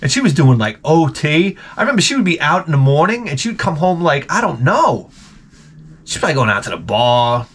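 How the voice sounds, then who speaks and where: A vlogger tells crude, profane stories for laughs, rambling, laughing often and acting out what the people in them said. His voice is a little high, very animated and brisk, a bit bright and slightly rough.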